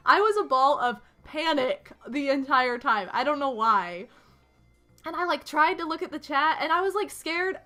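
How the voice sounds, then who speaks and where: A young woman streamer chatting casually with her viewers, gushing and excitable, full of restarts and fillers. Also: high voice, normal speed, soft background music.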